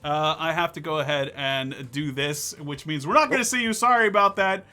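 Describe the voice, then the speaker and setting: A man hosting a live-stream talk show, chatting casually in a rambling, excitable, jokey way. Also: a little high, normal speed, soft background music.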